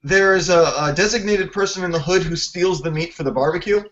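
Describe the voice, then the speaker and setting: A man hosting a podcast in casual chat, reacting quickly and asking follow-up questions. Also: high voice, a bit bright. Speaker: podcast host. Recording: muffled lo-fi with faint background noise.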